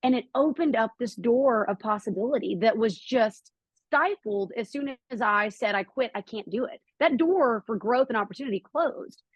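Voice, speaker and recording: A middle-aged woman telling a personal story as a podcast guest, acting out quotes with lively jumps in her voice. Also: normal speed, husky, no echo, poor audio. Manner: animated, acts out quotes with lively pitch jumps.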